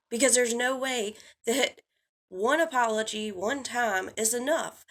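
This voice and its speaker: A woman's voice: fairly high pitch, a bit bright. A woman giving blunt, heated drama commentary, swearing freely as she lays out her views. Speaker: commentary YouTuber.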